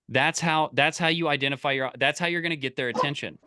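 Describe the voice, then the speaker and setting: A man coaching a live online group, energetic and full of restarts and repeated words. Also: on the high side, fast talker, hardly any pauses, clear, resonant tone, no room sound. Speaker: business coach.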